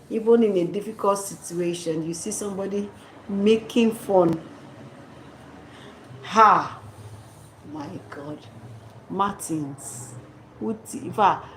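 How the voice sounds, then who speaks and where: Slow-talking Nigerian woman, echoey room. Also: lowish voice, warm tone, slight background noise. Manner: laughs often, drops into Nigerian Pidgin slang. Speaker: vlogger. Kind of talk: casual chat.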